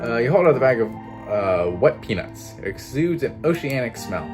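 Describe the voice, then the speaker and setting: A man's voice: medium pitch, big pitch swings, moderate pace, over music. A man reading a narrative game aloud with casual, swearing commentary and laughing asides. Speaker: gameplay streamer.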